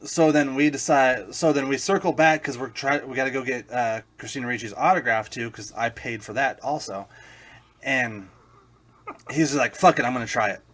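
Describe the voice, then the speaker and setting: A man's voice: medium pitch, moderate pace, fairly bright tone. A man co-hosting a podcast, chatting casually with crude, joking asides. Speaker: podcast co-host. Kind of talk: casual storytelling chat.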